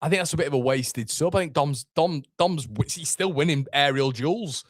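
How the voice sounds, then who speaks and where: Exasperated football fan. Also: male voice, a little high, normal speed, no room sound, clean studio sound. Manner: anxious, exasperated, swearing, rising to shouts at the keeper. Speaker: fan watchalong host. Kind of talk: live football fan commentary.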